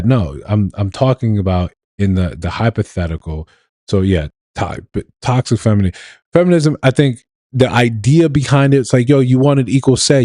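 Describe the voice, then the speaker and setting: A man's voice: fairly low pitch, warm tone, no echo. A man from New York hosting a casual live stream, talking loosely to his chat with laughs and restarts.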